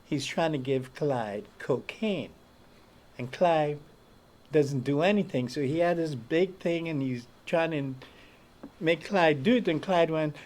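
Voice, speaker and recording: A fairly high-voiced man shares stories from touring life as an interview guest. He tells them animatedly and slips into the voices of the people he quotes. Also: a little slow. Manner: animated storyteller who acts out the voices he quotes. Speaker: touring band musician, guest. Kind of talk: storytelling in an interview.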